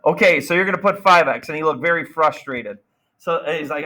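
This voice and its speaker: A man teaching a math class, energetic and playful, firing questions at students. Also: fairly high pitch, fairly quick, low-quality recording. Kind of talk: classroom lesson.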